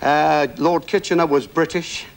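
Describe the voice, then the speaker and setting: A man's voice: fairly high pitch, fairly even intonation, unhurried, gravelly. A man hosting a television quiz show, jovial and joking with the contestants as he reads out questions and scores. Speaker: game show host. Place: TV studio. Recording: TV studio with audience and music. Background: studio audience and show music.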